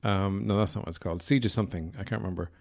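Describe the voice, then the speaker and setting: A man's voice: sits low, fairly even intonation, rapid-fire, gravelly. An Irish man hosting a solo podcast, rambling wryly from thought to thought with lots of "uh" fillers. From Ireland. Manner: rambling and digressive, many "uh" fillers; wry, self-deprecating humor. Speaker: podcast host. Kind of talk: casual solo podcast talk.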